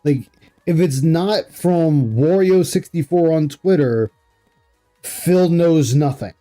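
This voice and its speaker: A man's voice: fairly high pitch, takes it slowly, mellow, soft background music. A man hosting a livestream, reacting to an interview and greeting chat, rambling and incredulous with frequent laughs. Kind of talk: casual commentary reading chat.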